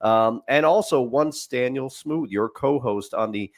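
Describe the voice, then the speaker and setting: A man's voice: medium pitch, a little slow. Rambling man in casual sports talk. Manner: rambling, restarts often, laughs at his own stories. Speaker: podcast co-host.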